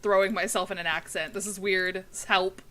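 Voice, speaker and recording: A woman's voice: mid-range voice, fairly bright tone, poor audio. A tired young woman chatting casually with her chat during a gaming livestream, swearing freely as she plays. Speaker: streamer.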